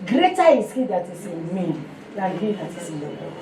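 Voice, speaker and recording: A woman with a Nigerian accent giving a sermon mixed with her own testimony, telling stories in an animated way. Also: medium pitch, a little fast. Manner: storytelling, animated, breaks into song. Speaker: fellowship speaker. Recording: echoey room, mic heard from a distance, faint noise.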